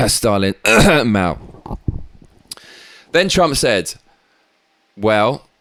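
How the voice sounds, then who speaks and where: Blunt, sweary British man with a low voice. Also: dry recording. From Britain. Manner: blunt and sweary, rambling asides. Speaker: show host. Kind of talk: opinionated political commentary.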